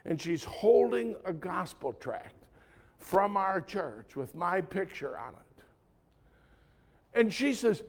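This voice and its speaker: A male pastor preaching a sermon in a conversational, storytelling way, swinging from loud emphatic lines to hushed soft ones. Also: high-pitched, very animated, slow pace, long pauses.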